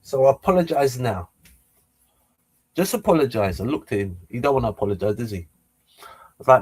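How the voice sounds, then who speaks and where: A middle-aged man vlogging, telling a story in an animated way, stammering and repeating words as he acts out what was said. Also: mid-range voice, brisk, long pauses, breathy edge.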